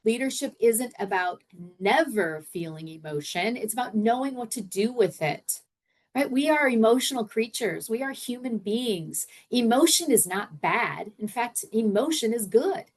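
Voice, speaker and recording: A woman's voice: a little high, expressive, normal speed. A middle-aged woman hosting a leadership podcast, coaching in a casual, conversational way and often repeating her words. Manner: conversational, repeats words, acts out example phrases.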